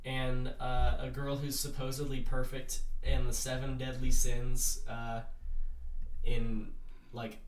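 A man's voice: medium pitch, monotone, takes it slowly. A young man co-hosting a podcast in casual chat, rambling with lots of fillers and half-finished starts. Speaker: podcast co-host. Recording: echoey room, distant mic, faint hiss.

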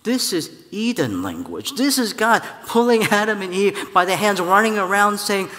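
A man preaching a sermon as a church elder, telling a personal story in a lively way and acting out the voices of the people in it. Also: high-pitched, normal speed. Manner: animated storytelling, acts out voices, laughs at own story. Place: church hall. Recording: church hall with long reverb.

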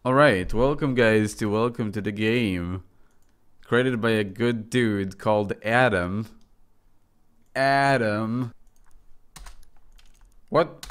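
A young man streaming a game, commenting loudly with crude jokes and sudden yells. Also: lowish voice, slow, pauses often, clean tone. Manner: excitable, yelling and crude joking. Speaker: gaming streamer.

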